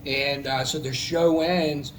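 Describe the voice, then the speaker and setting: A man's voice: a little high, steady tone, slow, fairly bright tone, slight background noise, poor audio. A man, a military veteran, telling a personal story in a casual, heartfelt, rambling way, with many restarts.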